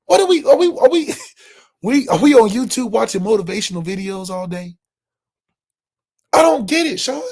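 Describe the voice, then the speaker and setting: Animated trash-talking man co-hosting. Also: sits high, moderate pace, pauses often. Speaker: podcast co-host. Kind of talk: casual sports chat. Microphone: webcam setup.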